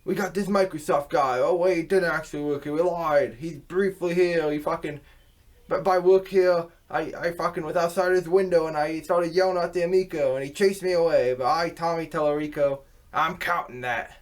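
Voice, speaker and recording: A man's voice: a little high, fairly even intonation, moderate pace, voice pushed up, lightly acted. A man putting on a mocking impression of a boastful male console company boss making over-the-top claims.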